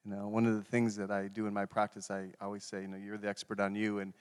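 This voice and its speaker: A man's voice: on the low side, completely flat delivery, fast talker, clear, resonant tone, in a large hall. A man interviewing a guest, a therapist by trade, reflecting her words back and affirming them. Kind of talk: conversational interview.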